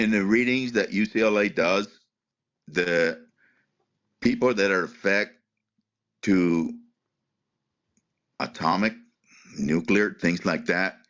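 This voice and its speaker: Slow, halting man with a bright voice. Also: lowish voice. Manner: halting, repeats words, restarts sentences. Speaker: interviewee, retired Air Force veteran. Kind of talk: emotional personal account in an interview. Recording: muffled, lo-fi recording.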